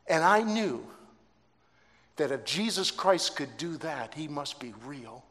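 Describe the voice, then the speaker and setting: Pastor preaching in a reverberant hall. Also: male voice, a little high, takes it slowly. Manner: animated, acts out quoted voices, stammering restarts. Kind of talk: sermon storytelling. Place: church sanctuary.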